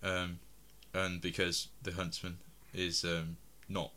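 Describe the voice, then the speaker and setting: A lower-pitched man from England with a bright, forceful tone. He talks casually about films, rambling and restarting as he goes. He laughs often between points. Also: completely flat delivery, slow pace. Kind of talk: casual film discussion.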